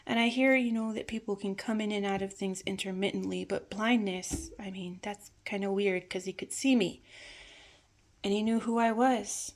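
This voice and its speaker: A woman telling a personal family memory in a reflective, hesitant way, sometimes dropping to a soft near-whisper. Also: medium pitch, fairly even intonation, moderate pace. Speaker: storyteller.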